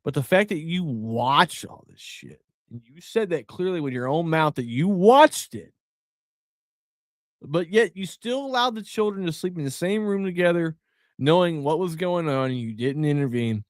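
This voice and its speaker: Middle-aged guy ranting on his podcast, cussing a lot, kinda high voice, dry close sound. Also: expressive, moderate pace, no room sound. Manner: blunt, profane, heated ranting. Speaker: podcast host. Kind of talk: casual podcast commentary.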